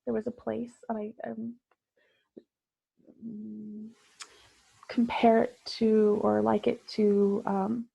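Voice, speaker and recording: A woman guest sharing a personal story in conversation, reflective and halting, with many fillers. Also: on the high side, flat delivery, gravelly, breathy edge, no echo, lo-fi sound.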